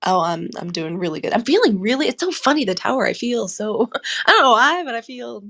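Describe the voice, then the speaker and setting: A woman's voice: a little high, sing-song, brisk. A woman hosting a live tarot journaling session, chatty and laughing often as she talks to her listeners. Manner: warm, chatty and laughing often, says y'all. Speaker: tarot reader and host.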